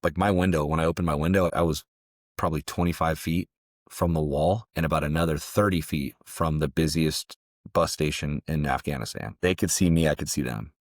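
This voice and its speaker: Very deep-voiced man telling stories. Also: fairly quick, no room sound, studio quality. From Southern California. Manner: conversational, loose, with frequent restarts. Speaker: podcast guest, former security contractor. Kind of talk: casual interview storytelling.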